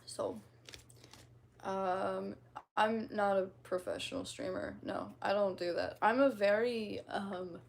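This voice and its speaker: Creaky-voiced young woman streamer. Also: medium pitch, darkish tone. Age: 20s. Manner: rambling and self-mocking, laughs often. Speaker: livestreamer. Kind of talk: casual livestream chat, reading comments.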